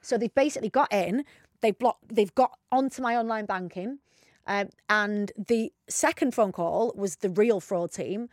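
A young woman from near Rochdale, co-hosting a casual chat and telling stories in an animated, excitable way. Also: medium pitch, no echo, clean studio sound. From northern England, near Rochdale. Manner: animated storyteller, quick and excitable. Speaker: podcast co-host.

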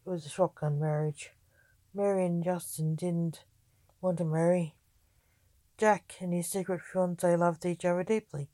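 Woman narrator for a storybook reading, unhurried, mellow tone, dry close sound. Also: lowish voice, steady tone, no room sound.

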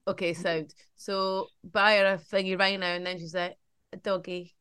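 A woman's voice: fairly low pitch, little pitch movement, moderate pace, a bit bright, smooth, no echo. Storytelling woman, dry sound. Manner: storytelling, mimics her child. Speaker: podcast co-host. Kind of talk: casual chat.

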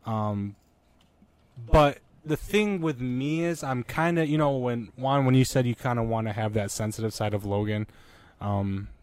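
Rambling male podcaster, mid-pitched, dry recording. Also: measured pace, darkish tone, clear, resonant tone, no room sound. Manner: rambling, many fillers. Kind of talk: casual podcast chat.

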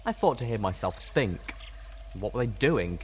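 A man narrating a first-person fan fiction story in a steady, measured way. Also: lowish voice, slight background noise. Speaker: audiobook reader.

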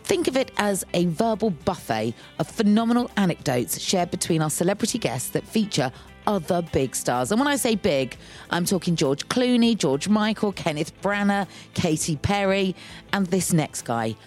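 A woman with a low, lively voice hosts a podcast. She reads the opening with upbeat energy and chats easily with her guest, with faint music underneath. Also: normal speed. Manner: upbeat, chatty, interjects often. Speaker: podcast host. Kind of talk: scripted intro and casual interview.

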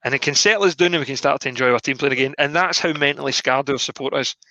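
A man, co-hosting a casual football podcast, animated and opinionated. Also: medium pitch, very fast, no echo, highs cut off. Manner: animated, opinionated, restarts often. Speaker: podcast co-host.

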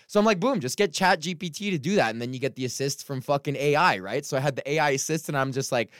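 A man's voice: on the high side, quick pace, fairly bright tone, dry recording, clean studio sound. Swearing, rambling man with a cough. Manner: swears a lot, rambling with many fillers and restarts. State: lingering cough. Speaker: podcast host, stand-up comic. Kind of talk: casual ranting storytelling.

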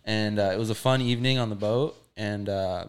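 Laid-back low-voiced man from Hawaii. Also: fairly even intonation, brisk, clear, resonant tone. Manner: laid-back, heavy use of "like", swears freely. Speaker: podcast guest. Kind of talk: casual storytelling.

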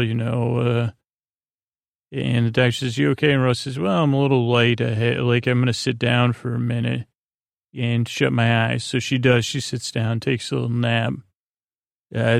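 A man talks through a story recap at an easy ramble, stopping for "uh" and restarting his sentences. His voice is gravelly and stays on an even, flat line, and the recording is close and dry with no room sound. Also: mid-range voice, dry recording. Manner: meandering, hesitant, full of "uh" and restarts; quotes characters in his own plain voice. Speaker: podcast host. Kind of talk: rambling episode recap for sleep.

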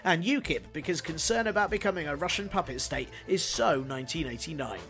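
Male podcast host with a high-ish voice, dry sardonic delivery, faint music behind. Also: lively intonation, a little fast, fairly bright tone. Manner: sardonic, jokey asides. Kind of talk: scripted solo podcast segment.

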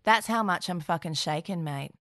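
A woman voicing an intense, profane teenage boy pressing a friend to keep quiet. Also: on the low side, normal speed, dry recording, clean studio sound. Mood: intimidating.

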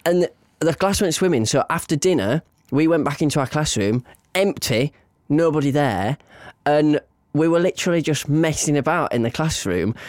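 A young man, co-hosting a podcast, telling childhood stories in an animated, laughing way. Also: on the high side, normal speed, few pauses, no echo, clean studio sound. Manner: animated, laughs often, playful storyteller. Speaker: podcast co-host. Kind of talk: casual storytelling chat.

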